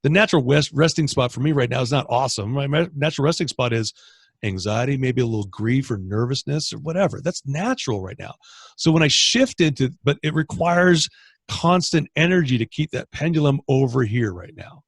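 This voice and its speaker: A man's voice: medium pitch, a little fast, husky, dry recording. A man from Canada hosting a training video call, coaching with energy and acting out inner thoughts. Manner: energetic, animated, acts out inner dialogue. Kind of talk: motivational coaching talk.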